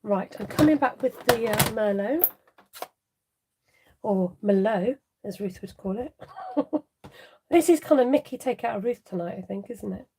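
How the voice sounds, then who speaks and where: A woman's voice: fairly high pitch, animated, unhurried, long pauses, mellow, a little hiss or hum. A woman hosting a chatty live craft tutorial, laughing often and muttering asides to viewers as she works. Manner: talks straight to viewers and reads out their comments. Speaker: papercraft demonstrator hosting a live stream.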